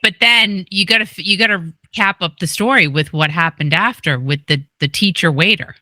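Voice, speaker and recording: A woman's voice: lowish voice, moderate pace, pushed and bright, no room sound. A woman hosting a casual interview, who teases her guest and keeps prodding her to tell more of the story. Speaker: host.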